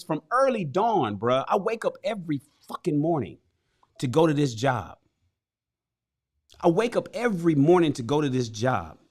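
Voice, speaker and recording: A man with a fairly high-pitched voice plays a frustrated working-class chariot builder, retelling a parable in profane street slang.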